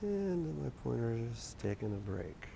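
A man hosting a children's TV show, talking gently and patiently to young kids and a puppet in a studio. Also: medium pitch, sing-song, unhurried, vocal fry, a little hiss or hum. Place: community TV studio.

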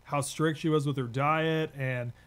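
A man, an Army veteran, telling rough, profane stories with frequent laughs in casual podcast chat. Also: on the high side, fairly even intonation, unhurried, a bit bright.

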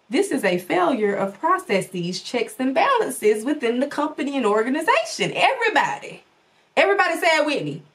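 A woman hosting her own show, talking casually and animatedly straight to her viewers, swooping her pitch for emphasis. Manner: animated, folksy, talks straight to her audience. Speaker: podcast host.

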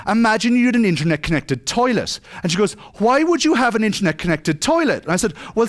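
Guy joking through a tech talk on stage, acts out little scenes, slightly high voice. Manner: joking, self-mocking, acts out dialogue. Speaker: conference speaker. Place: conference hall stage.

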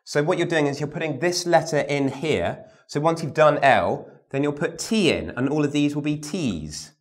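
A man teaching a vocal warm-up lesson. He demonstrates syllables and tongue twisters, repeats them, and gives the learner encouraging instructions. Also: fairly high pitch, lively intonation, normal speed. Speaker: speech and voice teacher.

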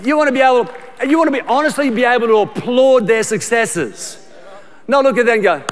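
A man's voice: extremely high pitch, lively intonation, fairly quick, noisy background. A middle-aged Australian man preaching a sermon as pastor, emphatic and repetitive, often restarting his sentences in a conversational way. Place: large church auditorium. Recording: long church hall reverb.

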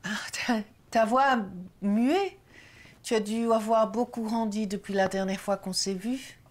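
An actress playing a guarded mother who speaks haltingly on a video call in a live-action game. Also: a little high, lightly acted. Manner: hesitant, halting, many pauses. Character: guarded mother, hesitant and evasive. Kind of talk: FMV game acting.

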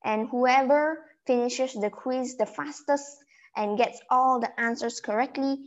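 A woman giving a simple German vocabulary lesson, slowly repeating each word so it can be pronounced. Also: high-pitched. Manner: slow, repeating words to pronounce them. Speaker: German teacher. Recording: dull lo-fi recording.

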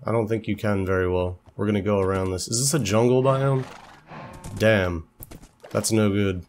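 A man's voice: on the low side, normal speed, a little mellow, slight background noise. A young man casually commentating a game he is playing, chatty and jokey, talking to his horse and easily startled, while feeling a bit unwell. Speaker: let's play host.

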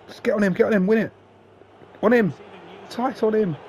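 A man giving live, sweary commentary on his own football video game, jumping between excited shouts and flat grumbling. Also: high-pitched, unhurried, long pauses, slight background noise. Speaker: gaming YouTuber.

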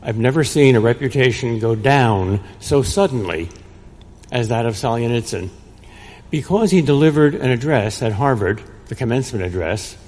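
An older man giving a prepared lecture in a measured way, with a dry, wry humor. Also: medium pitch, darkish tone. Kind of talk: prepared lecture read aloud. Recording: long reverb in a large room.

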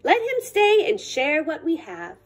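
A woman reading the part of a kindly, wise old father who talks in gentle proverbs. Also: sits high, huge pitch swings, measured pace, soft background music, heavily acted. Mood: sage. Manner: sage, warm proverbs.

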